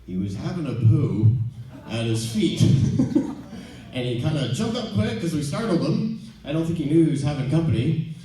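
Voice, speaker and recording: A man doing stand-up, telling a rambling, self-deprecating story with halting ums and restarts. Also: fairly high pitch, big pitch swings, warm tone. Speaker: stand-up comedian. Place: theater stage before a live audience. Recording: echoey venue from far off.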